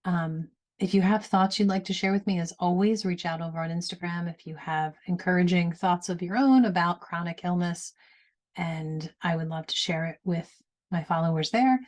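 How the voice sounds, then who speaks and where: A woman's voice: fairly low pitch, fairly even intonation, moderate pace, darkish tone. A woman with a Northern American accent hosting a podcast, encouraging and affirming in casual chat. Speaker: podcast host.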